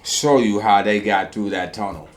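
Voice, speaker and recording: An author guest speaks in a fairly low man's voice, calm and steady. He tells stories conversationally and often answers his host with short agreement. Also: moderate pace. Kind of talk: conversational storytelling.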